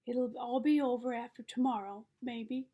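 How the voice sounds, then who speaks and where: Lady reading as a calm patient dad, steady and reasoning, kinda high voice. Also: moderate pace, lightly acted. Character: calm, wise middle-aged father and lawyer.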